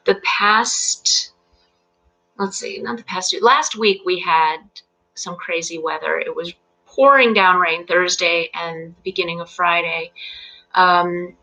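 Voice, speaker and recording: A middle-aged woman teaching English on a live stream, explaining patiently and clearly with fillers and easy laughs. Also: fairly low pitch, bright, forceful tone, poor audio. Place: home in Central Virginia.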